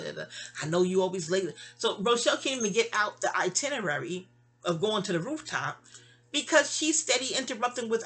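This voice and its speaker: A woman's voice: medium pitch, a bit bright, slightly rough. A woman, telling a long, rambling personal story in a chatty way, sounding sleepy. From New York City. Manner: rambling, chatty, with frequent restarts and asides. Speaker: vlogger. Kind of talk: casual storytelling monologue.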